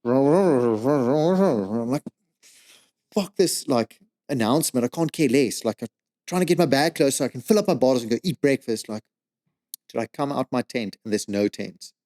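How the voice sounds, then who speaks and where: A man's voice: mid-range voice, moderate pace. Swearing man telling a story. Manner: animated, swears a lot, says "like" and "dude" often. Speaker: podcast guest. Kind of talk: casual storytelling.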